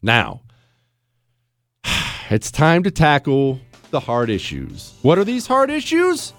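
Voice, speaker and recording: Blunt, lively-voiced male radio host. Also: fairly high pitch, slow pace, faint music behind. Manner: blunt, lecturing, acts out other people's voices. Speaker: radio talk show host. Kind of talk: opinionated talk radio monologue.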